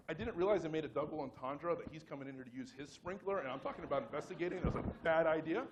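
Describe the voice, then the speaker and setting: A man's voice: fairly high pitch, racing, hardly any pauses. A man giving a conference talk, telling a story casually with lots of fillers, restarts and self-mocking humor. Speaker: conference speaker.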